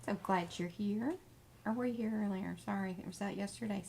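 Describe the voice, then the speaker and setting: A woman's voice: medium pitch, a little fast, vocal fry, a little mellow, a little hiss or hum. A woman co-hosting a craft livestream, chatting casually, greeting viewers and reading out their comments. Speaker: livestream co-host reading the chat.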